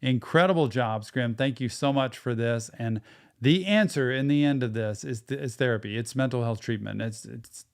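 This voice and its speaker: A man's voice: medium pitch, normal speed, creaky. A man hosting a live reaction show, breaking down song lyrics in an earnest, explanatory way.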